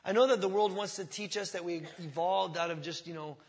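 A man preaching a sermon as pastor, in a conversational style that swells loud on key words, coughing at times, in a church. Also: high-pitched, brisk. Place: church sanctuary.

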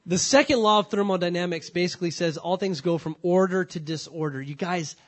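Male pastor, higher voice, emphatic sermon delivery, lots of rhetorical questions and repetition. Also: fairly quick, fairly bright tone. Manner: repeats key points for stress.

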